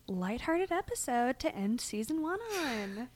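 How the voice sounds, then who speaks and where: This young woman has a high, expressive voice and keeps a measured pace, with no echo on the recording. She's co-hosting a podcast, chatting casually while giggling, rambling, and restarting often.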